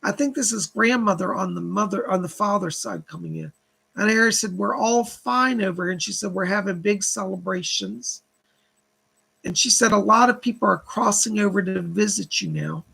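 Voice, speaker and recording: A man's voice: high voice, normal speed, vocal fry, sharp tone, husky. A man hosting a live psychic reading stream, reading viewer donations and relaying spirit messages in long chains of "she said". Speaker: psychic medium host.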